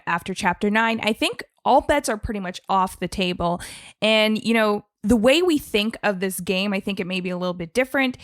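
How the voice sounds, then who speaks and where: A young woman hosting a gaming podcast, chatty and playful and quick to laugh. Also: mid-range voice, fairly bright tone, no room sound, studio quality. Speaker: podcast host. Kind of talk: casual gaming podcast chat.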